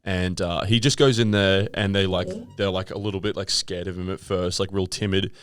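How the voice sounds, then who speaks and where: A man's voice: deep voice, steady tone, brisk, fairly bright tone, clear, resonant tone, dry recording. A man co-hosting a podcast, recapping a documentary in a rambling, laid-back way. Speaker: podcast co-host. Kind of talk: casual chat.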